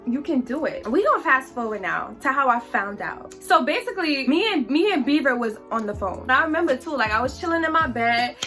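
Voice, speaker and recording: A young woman telling a story on her vlog in a chatty, animated, slangy way. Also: high-pitched, brisk, few pauses, faint music behind.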